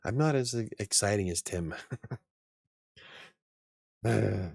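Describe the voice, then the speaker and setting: Male host in his forties, very low gravelly voice, loose rambling chat with a dry, close sound. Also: expressive, slow, darkish tone, dry recording. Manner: rambling, chuckles often. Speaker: channel host. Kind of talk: casual live-stream chat.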